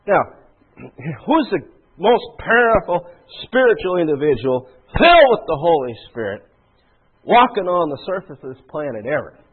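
A man preaching with a husky, somewhat high voice that rises and falls in lively swings. He talks conversationally, with rhetorical questions and frequent throat clearing. The sound is thin and tinny, like a phone line. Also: moderate pace. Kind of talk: sermon.

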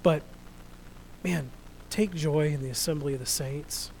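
A man preaching a sermon, reading scripture out loud and then talking quietly and earnestly to his congregation. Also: on the high side, measured pace, gravelly, a little hiss or hum, poor audio. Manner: reads scripture loudly, then speaks quietly and reflectively.

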